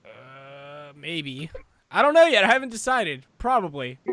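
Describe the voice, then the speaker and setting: A male podcast host with a bright, forceful tone recorded in a dry, close space. His manner is laid-back and chatty, and he tells stories with easy laughter. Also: a little high, big pitch swings, unhurried, dry recording. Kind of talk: casual interview chat.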